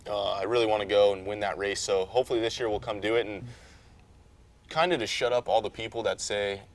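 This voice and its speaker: Guy chatting loose and rambly, lowish voice, gets worked up telling stories. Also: brisk. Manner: easygoing, rambling, animated when retelling. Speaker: off-road truck racer, guest. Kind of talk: casual chat.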